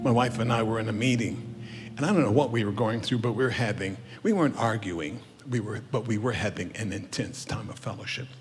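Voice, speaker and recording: Storytelling preacher in a ringing hall. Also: male voice, mid-range voice, animated, normal speed. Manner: storytelling, swings from hushed to loud. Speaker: pastor. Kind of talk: sermon. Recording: roomy church hall with music behind.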